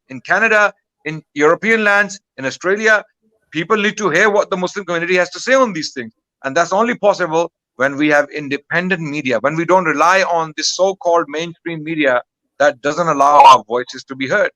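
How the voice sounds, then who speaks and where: A man's voice: high voice, a little fast, sharp tone, no room sound, rough recording. A man giving impassioned commentary as a guest, indignant and full of rhetorical questions.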